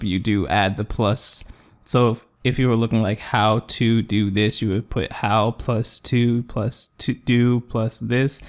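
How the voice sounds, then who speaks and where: Young man, casual storyteller, rambling, smooth clear voice, middle pitch. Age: young adult. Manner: casual, rambling, with fillers and acted quotes. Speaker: gaming YouTuber. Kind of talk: storytelling over gameplay.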